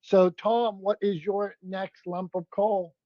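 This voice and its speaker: A man co-hosting a casual comedy podcast, running the segments in an upbeat way with quick asides. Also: sits high, little pitch movement, no room sound, lo-fi sound. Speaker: podcast co-host.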